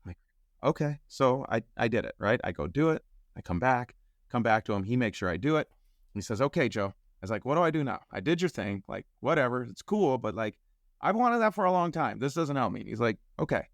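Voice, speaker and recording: A man telling a personal story as a podcast guest, acting out the quoted dialogue with lively shifts in voice. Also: medium pitch, a little fast, no room sound, clean studio sound. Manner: animated storyteller who acts out quoted dialogue.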